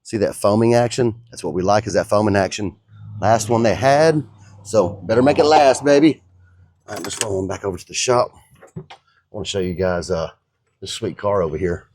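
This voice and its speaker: A man's voice: fairly low pitch, moderate pace, darkish tone, a little hiss or hum. Laid-back man filming a garage how-to. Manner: joking, laid-back, talks to viewers as guys. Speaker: DIY truck builder. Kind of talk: casual how-to vlog.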